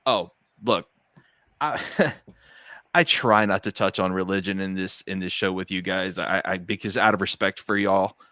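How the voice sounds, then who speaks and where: A man with a low-pitched but bright, forceful voice rants in casual panel chat. He repeats himself to drive points home. The recording is close and dry. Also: a little slow, no echo. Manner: animated, ranting, repeats himself for emphasis. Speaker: talk show co-host.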